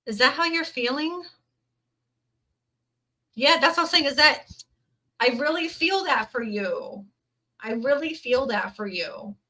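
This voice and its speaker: A woman's voice: fairly high pitch, bright, forceful tone, rough recording. A woman giving a live tarot reading to her viewers, earnest and emotional, teary at times, repeating her words of encouragement. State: teary, near crying. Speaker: tarot reader.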